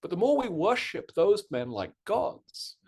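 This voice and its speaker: A man with a British accent giving a lively online history lecture with plenty of uh fillers. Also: high-pitched, unhurried, breathy edge. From Britain. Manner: animated, self-deprecating, frequent uh fillers. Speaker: guest lecturer, history professor. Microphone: video call.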